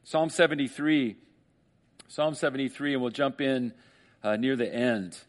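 A man preaches a sermon in a loose, conversational way, reading verses slowly and then riffing on them. He throws joking asides to the congregation and acts out inner voices in higher tones. His voice sits at a middling pitch. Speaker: pastor.

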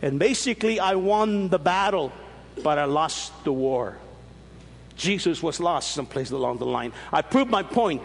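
Preacher, male, fairly high husky voice, lively emphatic sermon storytelling, long hall reverb. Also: moderate pace. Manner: animated storytelling with emphatic rises and repeated restarts.

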